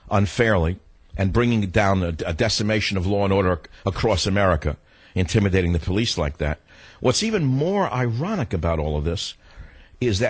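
A man hosting a talk radio show in a combative, ranting monologue, his voice rough from being sick and jumping high when he gets riled. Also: no echo.

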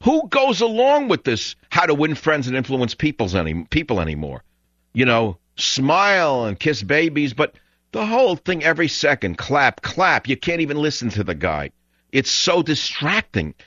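A man's voice: medium pitch, big pitch swings, normal speed, fairly bright tone, no room sound, lo-fi sound. A man hosting a talk radio show, ranting in a sarcastic, combative monologue.

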